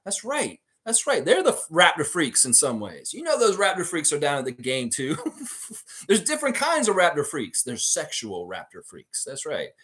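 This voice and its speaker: A man hosting a fan livestream, chatting casually through viewer comments. His pitch leaps around a lot as he swings from loud hype down to quiet asides. He swears freely and talks like he is among friends. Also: wildly swooping pitch, normal speed, few pauses. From Canada. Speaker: fan channel livestream host.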